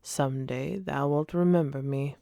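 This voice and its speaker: A kindly old bear teacher, as a woman reads him aloud in a whispered role-play. The voice is gravelly and very slow, drawn out and a bit fuller than the narration. It stays close and dry on the mic. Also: very deep voice, steady tone, warm tone, no echo, heavily acted. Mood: tender. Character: old brown male bear teacher, earnest and tender.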